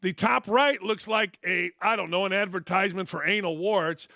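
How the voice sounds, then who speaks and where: In a high voice with a sharp tone and moderate pace, a male sports talk host gives a blunt, profane monologue packed with opinions. He rants brashly and mocks others by quoting them sarcastically. The studio sound is clean with no echo.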